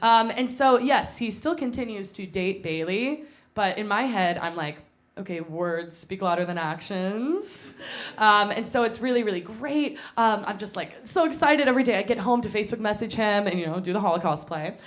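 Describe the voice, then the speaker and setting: A woman's voice: mid-range voice, moderate pace. Chatty self-mocking woman storyteller. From North Carolina. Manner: chatty and self-mocking, laughing at her own jokes. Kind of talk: live comedic storytelling. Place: small theater stage before a live audience.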